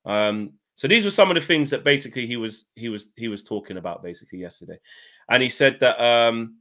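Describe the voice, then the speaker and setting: A man's voice: fairly low pitch, animated, a little fast, a bit bright. A man co-hosting a casual football chat, sarcastic, reading quotes aloud and swearing. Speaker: podcast co-host.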